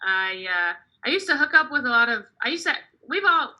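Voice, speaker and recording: A woman's voice: on the high side, very animated, fairly quick, sharp tone, rough recording. A young woman performing a stand-up comedy set over a video call, chatty and self-deprecating, often laughing at her own jokes.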